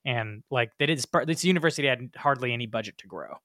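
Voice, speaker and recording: A man hosting a podcast, telling stories in an animated, casual way and laughing often. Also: medium pitch, quick pace, dry recording, clean studio sound. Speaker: podcast host. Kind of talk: casual interview talk.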